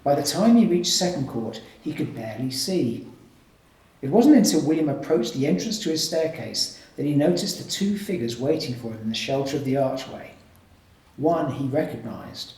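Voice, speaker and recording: A male author reading a ghost story aloud at a live event, measured in the narration and chatty with fillers in his asides. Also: mid-range voice, a little mellow, recorded from a distance. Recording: echoey room, mic from afar.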